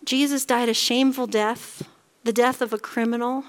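Woman pastor, sermon delivery, earnest, slightly high voice, slows on solemn lines. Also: fairly even intonation.

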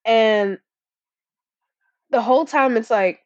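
A woman's voice: on the high side, slow pace, no room sound. Young woman podcast co-host, rambling and profane, lo-fi dead-dry sound. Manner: blunt, heavy swearing, rambling with fillers. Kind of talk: casual chat. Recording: dull lo-fi recording.

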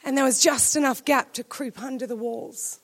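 A woman with a high, bright-pitched voice preaches a sermon to her congregation. She speaks with emphatic conviction and pushes certain phrases up into loud, ringing declarations. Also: moderate pace. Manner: emphatic, rising to shouted declarations.

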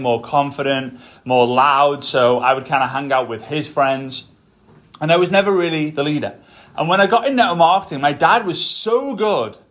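A man hosts his own podcast in an energetic motivational monologue, his voice sitting a little high for a man. He tells stories as he walks on a treadmill, keeping an upbeat, storytelling flow. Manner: energetic, storytelling, talks while walking on a treadmill. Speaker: podcast host.

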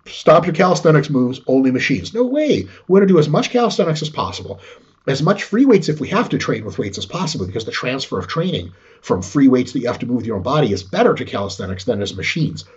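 A man in a casual podcast chat about training, talking in an animated, profane way. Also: medium pitch, quick pace, slightly rough, dull audio. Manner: animated and profane, acts out quoted voices. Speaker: fitness podcast talker.

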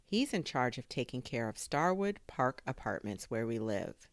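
Woman, very low voice, animated children's read-aloud, dry studio sound. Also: normal speed, dry recording. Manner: expressive, with sound effects. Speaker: story reader.

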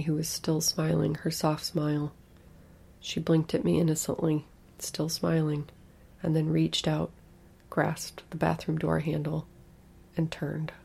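Female horror narrator: gravelly, hushed, breathy delivery. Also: sits low. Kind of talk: scripted horror story narration.

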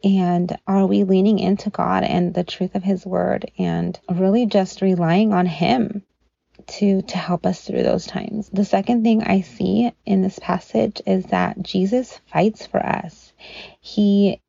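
A woman talks through scripture on her devotional podcast in an earnest, encouraging, conversational way. Her voice is mellow with a gravelly edge. The recording is dry and close, with a somewhat dull, lo-fi sound. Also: mid-range voice, fairly even intonation, slow pace, dry recording. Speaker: podcast host teaching scripture.

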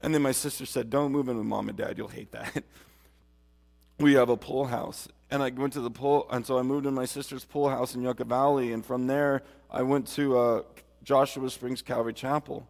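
A man's voice: medium pitch, little pitch movement, moderate pace, darkish tone. A man preaching a sermon and giving his testimony, earnest and emphatic, speaking straight to his listeners. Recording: long hall reverb.

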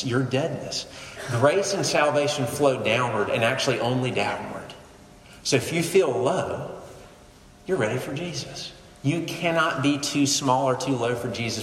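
Male preacher, lively conversational sermon, sudden quiet drops, roomy reverberant hall. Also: mid-range voice. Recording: echoey hall, faint room noise.

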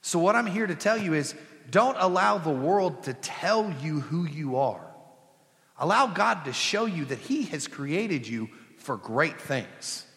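A young man, a pastor, preaching a sermon in a relaxed, conversational way, mixing in jokes and family stories. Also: on the high side, unhurried. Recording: long hall reverb.

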